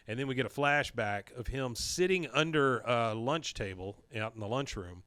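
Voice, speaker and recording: A man's voice: medium pitch, moderate pace, clean tone, no echo. A man co-hosting a podcast, casually recapping a cartoon episode and acting out the characters' quotes. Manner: animated storytelling, acts out quotes. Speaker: podcast co-host.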